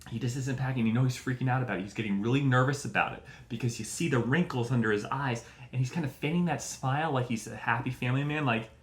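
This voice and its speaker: A man hosting a show and delivering a profane comedic rant, animated and full of mock voices. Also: mid-range voice, fast, hardly any pauses. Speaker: show host. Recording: echoey room.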